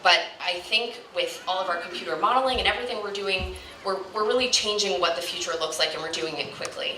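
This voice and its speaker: A woman in her thirties gives an earnest speech at a fundraiser, filling her pauses with ums. Her voice is bright and a bit lower than most, and it is picked up from across an echoey room. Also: far from the mic, slight background noise. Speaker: fundraiser speaker. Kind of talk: speech to a crowd.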